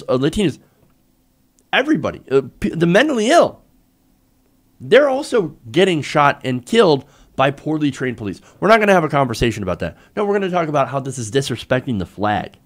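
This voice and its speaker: A man hosting a live political commentary show, ranting in an exasperated, sarcastic way with frequent profanity. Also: mid-range voice.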